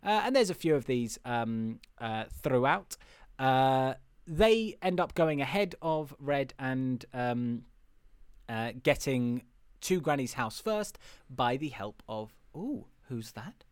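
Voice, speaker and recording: A man's voice: mid-range voice, animated, takes it slowly, clear, resonant tone, dry recording. Rambling man on a dry mic. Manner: rambling, with many fillers, swears and laughs. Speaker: podcast host. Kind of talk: casual chat reviewing a film.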